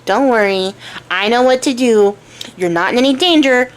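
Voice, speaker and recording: A woman voicing a patient, wise male magic horse who gives calm, matter-of-fact advice in a spoken storybook. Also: a little high, moderate pace, lightly acted. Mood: reassuring.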